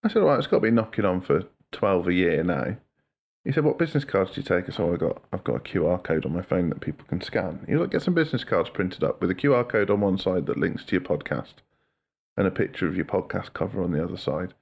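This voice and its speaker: A man's voice: low-pitched, expressive, fast, gravelly, darkish tone. A man co-hosting a podcast, chatting casually and telling stories with mocking voices. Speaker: podcast co-host.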